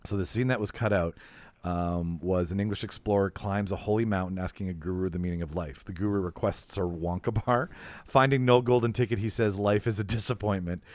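Chatty low-voiced man telling stories. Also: a little fast, dry recording. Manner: rambling storyteller, laughs often. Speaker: podcast host. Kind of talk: casual film podcast chat.

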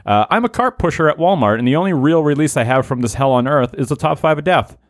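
A man's voice: fairly high pitch, expressive, fast, no echo, clean studio sound. A man hosting a comedy podcast, reading listener-written scripts aloud and laughing often. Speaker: podcast host.

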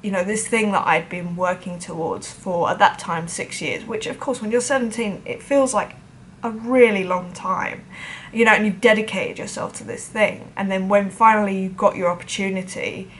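A woman's voice: mid-range voice, fairly even intonation, moderate pace, slight background noise. A woman drummer telling a personal story to camera in a chatty, self-deprecating way, acting out the voices of other people.

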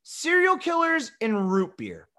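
An animated male podcast co-host, his high voice swooping widely as he jokes. He sounds bright and forward, often tripping over restarts in loose banter. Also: unhurried. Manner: animated, joking, frequent restarts.

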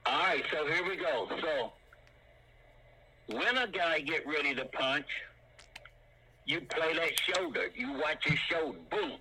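An older man teaching martial arts in an animated way, punctuating his points with sound effects like boom and bam. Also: a little slow, pauses often, a little hiss or hum, low-quality recording.

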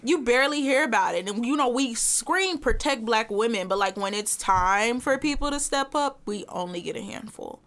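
A young woman co-hosting a casual podcast chat, her voice high and strikingly bright. She talks in an animated, emphatic way and breaks into laughter often. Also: moderate pace, hardly any pauses. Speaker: podcast co-host.

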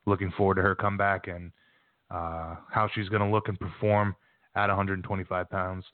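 A male show host with a lowish voice who talks in a loose, rambling way and often restarts his sentences. The sound is tinny and phone-like, and it is completely dry. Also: flat delivery, normal speed, dry recording. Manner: chatty, rambling, self-correcting. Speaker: podcast host. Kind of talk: casual chat.

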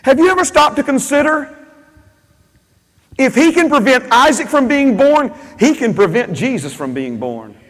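A man's voice: extremely high pitch, sing-song, normal speed, fairly bright tone, in a large hall. A man preaching a sermon as pastor, emphatic and repetitive, with frequent amens.

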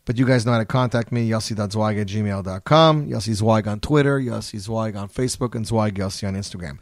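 A man hosting a radio countdown show, upbeat, with sudden excited jumps in pitch and volume. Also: brisk, few pauses, no echo, clean studio sound. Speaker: radio host.

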